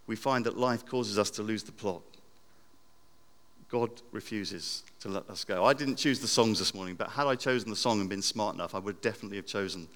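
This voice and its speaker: Preacher, man: reflective sermon, loud then hushed, bright tone, echoing church hall. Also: lowish voice. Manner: reflective, with repeated phrases and wide swings from loud to hushed. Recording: long church reverb.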